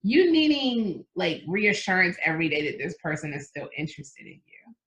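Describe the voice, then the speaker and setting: A woman's voice: moderate pace, poor audio. A woman co-hosting a casual dating talk show, teasing and dry-humored. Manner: playful, dry teasing with lively swings in pitch. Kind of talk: casual chat.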